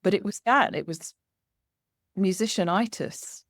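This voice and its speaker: A woman hosting a conversation, telling a lively anecdote and acting out the dialogue as she goes. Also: medium pitch, unhurried, dry recording. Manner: animated, acts out quoted dialogue with laughter. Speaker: podcast host. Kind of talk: storytelling in conversation.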